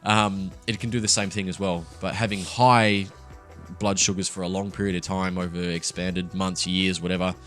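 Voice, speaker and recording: Man, young adult, low voice, faint music, candid and casual podcast chat. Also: flat delivery, normal speed, a bit bright. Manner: candid, swears freely, laughs through his story. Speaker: podcast co-host.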